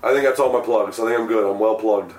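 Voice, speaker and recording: A man hosting a casual podcast, rambling and swearing freely, his voice going hoarse. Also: on the low side, fast talker, echoey room. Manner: profane, rambling, self-mocking. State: losing his voice. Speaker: podcast host.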